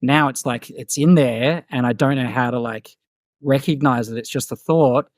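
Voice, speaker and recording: A man's voice: medium pitch, normal speed, no room sound. Guy in his 30s rambling through ideas, lots of likes and you knows, dry close sound. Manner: rambling, thinks aloud with many fillers. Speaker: guest musician. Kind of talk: casual podcast conversation.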